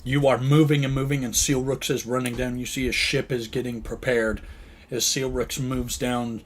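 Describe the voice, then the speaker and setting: A man's voice: medium pitch, little pitch movement, moderate pace, slight background noise. A man narrating a tabletop game as dungeon master, describing scenes and asking players what they do.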